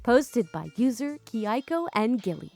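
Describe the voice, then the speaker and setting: A woman's voice: a little high, big pitch swings, a little slow, creaky, a little mellow, faint music behind. A woman narrating online stories aloud in a casual, chatty way, greeting listeners as her dudes. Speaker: story narrator.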